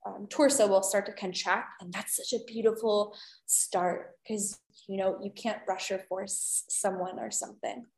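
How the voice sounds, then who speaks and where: A woman who is a holistic healing guest, chatting gently and effusively in a casual interview. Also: mid-range voice, steady tone, a little slow, gravelly, echoey room. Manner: gentle, effusive, many "beautiful"s and "um"s.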